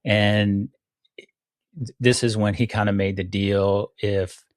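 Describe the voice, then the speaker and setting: A man co-hosting a podcast, retelling movie scenes slowly and hesitantly, with pauses and restarts. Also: lowish voice, flat delivery, no echo, clean studio sound. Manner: hesitant, many ums and restarts, slows when retelling scenes. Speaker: podcast co-host. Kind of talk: casual movie review chat.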